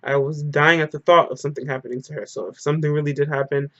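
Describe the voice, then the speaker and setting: A man with a fairly high voice recounts an emotional story in a casual vlog, scattering "like" through every sentence. The recording is dull and lo-fi, dry and close with no room echo. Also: steady tone, fast, fairly bright tone. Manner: emotional storyteller, heavy use of "like". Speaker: vlogger.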